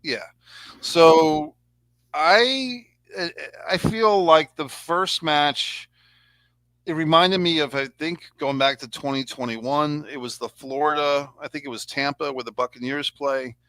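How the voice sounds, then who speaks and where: Man, host, casual rambling chat, sarcastic, bright tone, dry sound. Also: fairly high pitch, a little slow, dry recording. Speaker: podcast host. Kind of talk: casual wrestling review chat.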